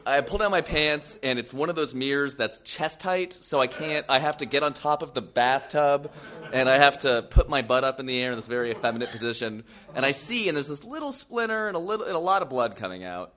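A young man telling an embarrassing story on stage, animated and self-deprecating, with frequent asides. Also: mid-range voice, brisk. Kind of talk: live comic storytelling.

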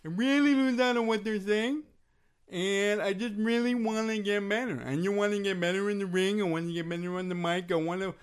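Guy doing a deadpan lady wrestler, put-on irish accent, high voice, totally clueless. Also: a little fast, clean tone, lightly acted. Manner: deadpan, flat delivery. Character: impression of a woman wrestler, deadpan and oblivious. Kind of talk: comedy podcast sketch.

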